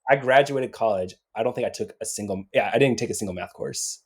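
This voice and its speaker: A man's voice: lowish voice, quick pace. A man speaking as a podcast guest, reflective and thoughtful, often repeating words as he works out his point. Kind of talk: casual podcast chat.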